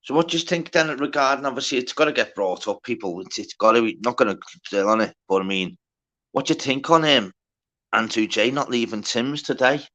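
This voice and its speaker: A man's voice: mid-range voice, animated, a little fast, bright, forceful tone. A man hosting a casual livestream, reading out the chat, greeting viewers by name and bantering with plenty of swearing. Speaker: livestream host.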